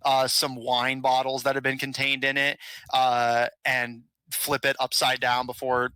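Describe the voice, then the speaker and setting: Male game master, very bright voice, dry close sound, casual narration full of "uh"s. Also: mid-range voice, completely flat delivery, measured pace, clean tone, dry recording, low-quality recording. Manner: casual, filler-heavy narration with frequent "uh"s.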